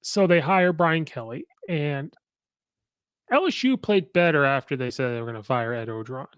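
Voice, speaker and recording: A man's voice: a little high, expressive, normal speed, smooth, no echo, clean studio sound. A man hosting a podcast, giving casual, opinionated sports commentary and rattling off records with many fillers. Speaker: podcast host.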